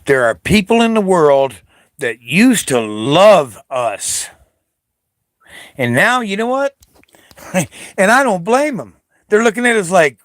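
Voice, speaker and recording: An older American man rants straight at the listener, swearing hard and daring his target to fight. His voice sits a bit high for a man, and he drags his words out slowly, leaning on each one. The sound is dry and close. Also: very animated, no room sound. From United States. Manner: profane, confrontational, taunting. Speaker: Navy veteran vlogger. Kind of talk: angry political rant to camera.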